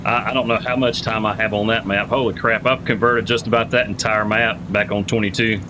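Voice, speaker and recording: A man with a lowish, level voice speaks a little fast over background noise while livestreaming a farming game. He chats casually, greets viewers by name, and reasons out loud, often repeating himself.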